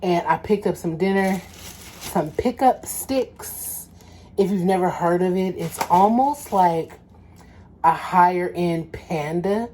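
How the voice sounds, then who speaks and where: A young adult woman from Los Angeles, vlogging casually and telling stories in a lively, slangy way, acting out quotes. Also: lowish voice, a little hiss or hum. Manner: animated, slangy storytelling with acted-out quotes. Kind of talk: casual storytelling vlog.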